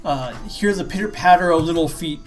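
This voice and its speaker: Low-voiced woman game master, rambling. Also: a little fast, soft background music. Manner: casual, rambling, full of "like" and "kinda". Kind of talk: narrating a tabletop game.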